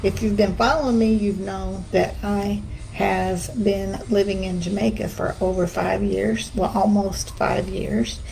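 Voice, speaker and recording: A woman chatting quickly and cheerfully in a casual vlog to her followers. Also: mid-range voice, fairly even intonation, creaky, a little mellow, slight background noise, low-quality recording. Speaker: social media creator.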